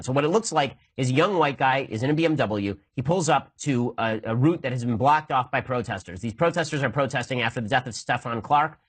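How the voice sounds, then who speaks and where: A male political commentator in his thirties talks at a rapid clip and drives each argument home with emphasis. His voice has a slight husky grain to it. He sounds like a regular host answering questions from his audience. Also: mid-range voice, fairly bright tone, rough recording. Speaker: podcast host.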